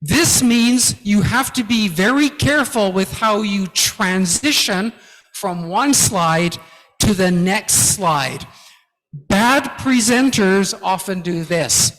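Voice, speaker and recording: A man giving a guest lecture to academics, teaching slowly and emphatically and often checking in with "okay?". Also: sits high, animated, fairly bright tone. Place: large lecture hall. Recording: long hall reverb.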